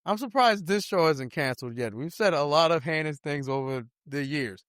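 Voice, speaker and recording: A man co-hosting a podcast, talking in loud, animated casual banter, often laughing. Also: a little high, moderate pace, dry recording, studio quality. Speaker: podcast co-host.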